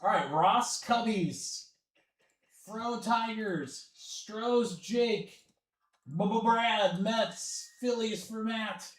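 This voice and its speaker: A man's voice: sits high, drawn-out words. A man hosting a live card break, chatting casually and calling out names and teams as he goes. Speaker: sports card break host. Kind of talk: casual livestream chat. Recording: echoey room with faint music. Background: faint background music.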